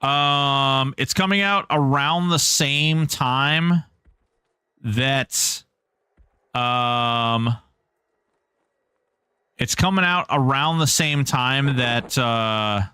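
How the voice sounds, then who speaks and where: A man's voice: medium pitch, drawn-out words, pauses often, sharp tone, clear, resonant tone, no echo. A man streaming gameplay live, joking with chat and hyping up giveaways. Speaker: game streamer.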